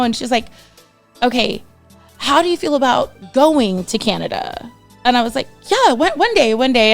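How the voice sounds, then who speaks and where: Texan woman telling a story brightly. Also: a little high, smooth. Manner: animated storyteller, acts out quoted voices. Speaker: singer and podcast guest. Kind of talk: casual storytelling interview.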